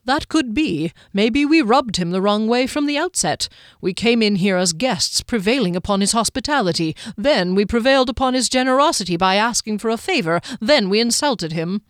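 A woman's voice: on the high side, expressive, moderate pace, no room sound, studio quality, lightly acted. Woman voicing a wry, urbane male mage. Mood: teasing. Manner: teasing, urbane.

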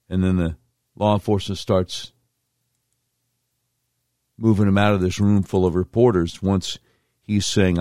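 A man's voice: sits low, level tone, moderate pace, long pauses, warm tone, no room sound, studio quality. A middle-aged man hosting a talk radio show, commenting with emphatic, incredulous asides.

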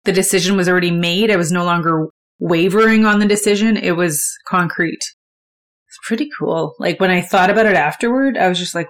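A woman's voice: lowish voice, fairly quick. A woman hosting a solo motivational podcast, talking candidly and conversationally and swearing freely. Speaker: podcast host.

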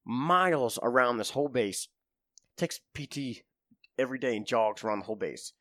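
A man in his thirties spins military stories in a loose, profane way, breaking into laughter and acting out the voices of the people in them. His voice sits at an ordinary pitch. The room is dry and close, with no echo. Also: animated, moderate pace, a bit bright. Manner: profane, laughing storyteller who acts out quotes. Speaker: podcast guest, former Marine. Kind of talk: casual storytelling chat.

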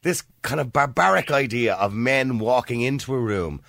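A man's voice: mid-range voice, expressive, normal speed, creaky, a bit bright, dry recording, studio quality. A middle-aged man hosting a radio talk show, teasing and laughing with callers. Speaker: radio host. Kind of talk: casual radio chat. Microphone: studio mic.

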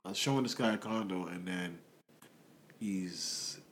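A man with a fairly low voice talking in a relaxed, slangy way. He tells a story in casual chat and puts on voices for the people in it. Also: a little slow. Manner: laid-back, slangy, acts out quoted voices.

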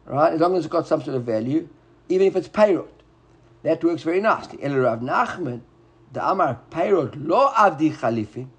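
Talmud teacher, male, husky, high-pitched, lively classroom delivery. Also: fairly quick. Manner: animated, often rising high to act out buyer and seller.

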